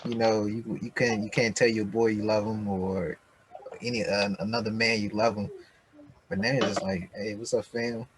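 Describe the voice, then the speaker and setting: A man's voice: on the low side, flat delivery, normal speed, background noise. A man co-hosting a podcast, asking thoughtful questions in casual conversation with hesitant restarts. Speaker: podcast co-host.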